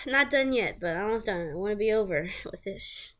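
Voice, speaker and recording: A woman's voice: mid-range voice, normal speed, few pauses, fairly bright tone. A woman telling a personal story in a vlog, blunt, profane and candid. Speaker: vlogger.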